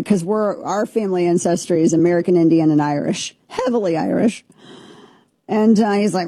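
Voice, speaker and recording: A woman in her forties with a lowish, mellow voice and a husky edge. She co-hosts a casual talk show and tells a story in an animated, joking way, often talking over herself. The sound is dry and close to a studio mic. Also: moderate pace, no room sound. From Southern Missouri. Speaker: show co-host.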